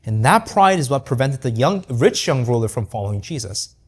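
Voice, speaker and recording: A man's voice: mid-range voice, big pitch swings, brisk, breathy edge. A man preaching a sermon, earnest and conversational, often asking rhetorical questions and adding "right?". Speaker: pastor.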